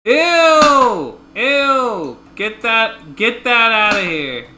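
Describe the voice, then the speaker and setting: A man co-hosting a casual sports chat show, animated and teasing, laughing often. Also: very high-pitched, extremely slow, background noise. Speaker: podcast co-host.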